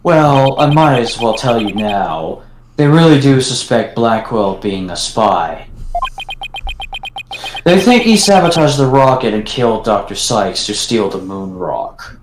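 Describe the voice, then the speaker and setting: Measured man reading game lines in an echoey room. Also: medium pitch, lively intonation, noisy background. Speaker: player voicing game dialogue. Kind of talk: casual fan dub of game text.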